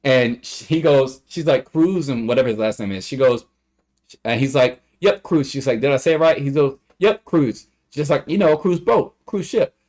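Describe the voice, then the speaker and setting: A young man on a casual livestream, rambling through a story and acting out the quotes in high voices. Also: normal speed, darkish tone. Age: young adult.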